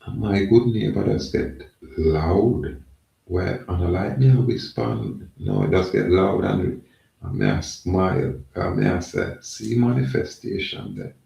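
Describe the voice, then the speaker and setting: A man's voice: low voice, lively intonation, unhurried, vocal fry, warm tone. A man talking in a rambling, emphatic casual monologue, repeating himself. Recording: echoey, from far off the mic.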